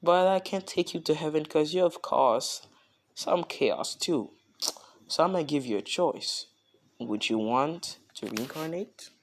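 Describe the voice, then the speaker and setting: A calm male god voiced by a man. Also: on the high side, unhurried. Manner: calm, patient explanation.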